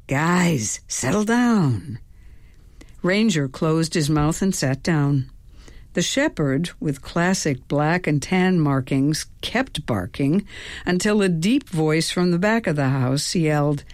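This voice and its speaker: A woman with a low voice reads a novel aloud at an unhurried pace. Her narration is calm and measured as she hosts a radio reading, and the sound is close and dry. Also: dry recording. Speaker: radio host and reader.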